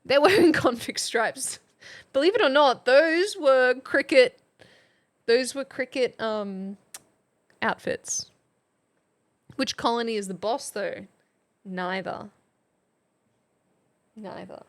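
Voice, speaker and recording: A woman's voice: sits high, slow pace, long pauses. Giggly Australian woman streamer. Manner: giggly, chatty, playful. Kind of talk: casual history lesson on a live stream.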